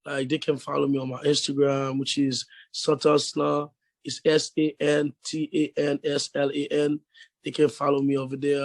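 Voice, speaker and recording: Deep-voiced young man with a foreign accent. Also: no echo. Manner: rambling, relaxed, many fillers like "you know". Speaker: guest musician. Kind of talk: casual interview.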